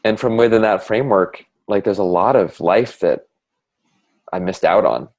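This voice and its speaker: A man with a deep, low voice speaks in a reflective, halting way, filling pauses with fillers. He is in a candid, heartfelt one-on-one conversation. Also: darkish tone. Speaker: conversation partner sharing reflections.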